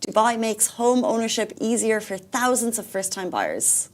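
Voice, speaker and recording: A woman's voice: a little high, normal speed. Chatty woman co-hosting a morning show. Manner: chatty, laughs easily, animated. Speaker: co-host. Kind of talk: casual morning show chat.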